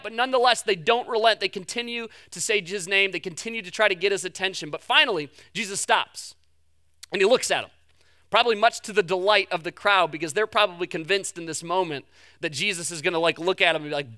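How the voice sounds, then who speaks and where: A man preaching a sermon as pastor, stumbling over repeated words, rushing through asides and slowing down to drive points home. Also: high-pitched, pushed and bright, smooth, no room sound, studio quality. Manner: repeats words in quick restarts; swings between fast asides and slow emphatic lines.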